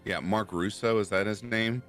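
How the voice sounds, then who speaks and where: A man's voice: lowish voice, normal speed, a bit bright, faint music behind. A man guesting on a casual stream chat who tells stories and laughs often. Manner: chatty storyteller, laughs often. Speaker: podcast guest.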